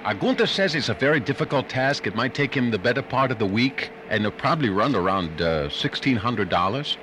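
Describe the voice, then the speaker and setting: A man voicing a fussy German male car mechanic with a fake German accent, hesitant and full of pauses in a prank phone call. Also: mid-range voice, expressive, background noise, lightly acted. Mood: sheepish. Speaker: prank caller.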